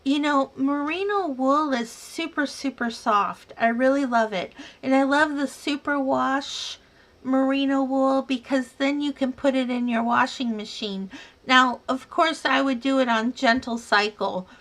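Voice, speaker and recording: A high-voiced woman chats through a yarn livestream at home. She takes her time, reads viewer comments one by one, and answers each with a friendly "dear" or "sweetheart.". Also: steady tone, measured pace, a bit bright. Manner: chatty, calls viewers dear, sweetheart and honey. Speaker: yarn crafting livestream host. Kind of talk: casual live chat reading viewer comments.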